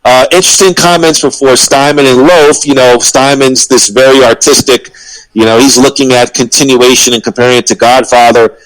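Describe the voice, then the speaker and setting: A man's voice: medium pitch, steady tone, brisk, a bit bright, low-quality recording. A man co-hosting a casual music podcast, talking with fillers and restarts and reading quotes aloud in a mock pompous voice. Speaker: podcast co-host.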